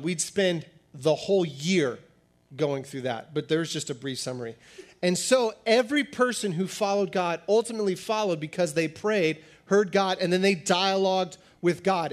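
A pastor giving a sermon in a conversational, animated style, acting out little dialogues as he teaches. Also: sits high.

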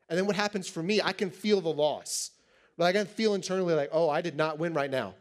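A man in his thirties preaching to teens in a joking, animated way, acting out little scenes. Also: high-pitched, fast. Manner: animated, joking, acts out quotes. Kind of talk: sermon to teens.

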